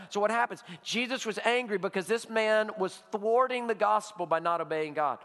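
A man preaching a sermon as pastor, telling stories with animation and dropping to a hush for emphasis. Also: sits high, long reverb tail. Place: church sanctuary.

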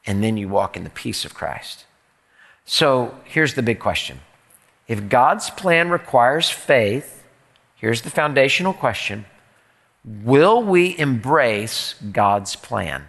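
A man's voice: fairly high pitch, a bit bright. Male pastor in a reverberant hall. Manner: rhetorical, repeats questions. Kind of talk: sermon. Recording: long reverb in a large hall.

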